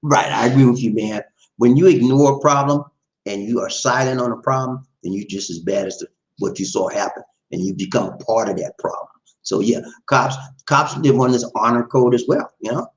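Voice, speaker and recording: A man's voice: mid-range voice, moderate pace, muffled recording. A middle-aged man hosting a casual livestream, chatting, reading out viewer names and laughing often. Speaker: livestream host.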